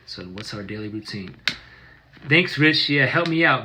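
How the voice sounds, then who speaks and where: A man of ordinary mid-range pitch leads a casual livestream lesson in an easygoing, affectionate way. His phrases often trail off softly, and he restarts his sentences with small hesitations. A faint noise and some clicks sit under his voice. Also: expressive, unhurried, gravelly. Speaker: qigong teacher.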